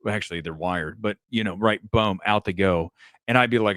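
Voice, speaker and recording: A man hosting a casual live commentary show, animated and profane, jumping from topic to topic. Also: lowish voice, quick pace, no echo, clean studio sound. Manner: animated, swearing, jumps between topics. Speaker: host.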